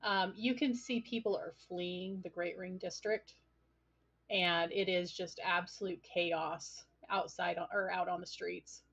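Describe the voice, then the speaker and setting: A woman's voice: lowish voice, steady tone, measured pace, vocal fry, fairly bright tone, breathy edge, poor audio. A woman narrating as game master of a tabletop game, speaking in a descriptive, hesitant way with frequent fillers.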